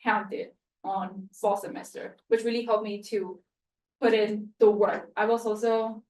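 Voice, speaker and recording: A woman's voice: mid-range voice, little pitch movement, unhurried, darkish tone. A young woman from Mexico giving a spoken end-of-year student presentation, chatty and self-deprecating, with lots of fillers. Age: young adult. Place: room at a university. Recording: echoey room, mic set at a distance.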